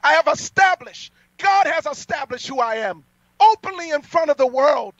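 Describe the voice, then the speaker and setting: A man preaching a fiery sermon, boastful and defiant, his voice climbing to loud peaks. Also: very high voice, lively intonation, moderate pace, dry recording. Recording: dull lo-fi sound, dry.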